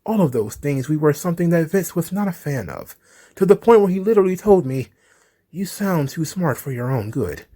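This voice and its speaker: A man putting on a slow, bloviating voice to impersonate a male wrestler while reading a transcript aloud. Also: fairly high pitch, animated, mellow. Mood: measured. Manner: slow, bloviating, formal diction. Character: deep-voiced pompous male wrestler impression.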